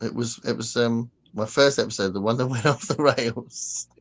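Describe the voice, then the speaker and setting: A man's voice: mid-range voice, moderate pace. A man co-hosting a podcast in casual chat, laughing often and reading chat comments aloud.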